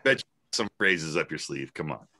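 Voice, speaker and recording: Man, co-host, teasing, very low pitch, dry sound. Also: very animated, normal speed, sharp tone, dry recording. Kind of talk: casual commentary.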